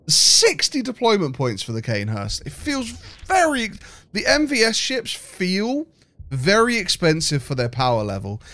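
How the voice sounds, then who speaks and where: A man's voice: high voice, a bit bright, dry recording. Rambling British man playing a game. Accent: British English. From Britain. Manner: rambling, thinks aloud with restarts. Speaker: game streamer. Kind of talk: casual let's-play commentary.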